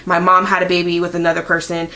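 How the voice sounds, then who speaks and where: A woman's voice: lowish voice, completely flat delivery, quick pace, sharp tone. Chatty young woman vlogging at home. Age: 20s. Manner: chatty, rambling, lots of "like" and "um". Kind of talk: casual chat.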